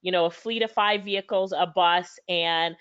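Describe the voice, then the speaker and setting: A woman's voice: fairly low pitch, fairly even intonation, normal speed, a bit bright, smooth, no room sound. A woman on a webinar praising a colleague's business before handing back to her. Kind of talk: casual webinar talk. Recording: dry, dull lo-fi webinar audio.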